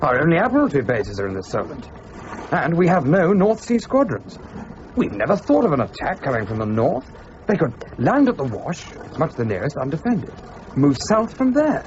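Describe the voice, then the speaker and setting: A clipped, commanding English adventurer leads this radio drama with a lively, swinging pitch. The recording sounds dull, with steady noise underneath. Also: male voice, moderate pace. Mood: urgent. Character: English gentleman adventurer narrating his tale. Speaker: narrator and lead character.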